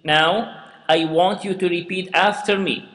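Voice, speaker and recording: A man with a high, steady and fairly bright voice leads a slow, step-by-step tajweed lesson at a measured pace, reciting and patiently repeating sounds and words for his students to echo. Faint music plays behind him, and the room is echoey with long reverb.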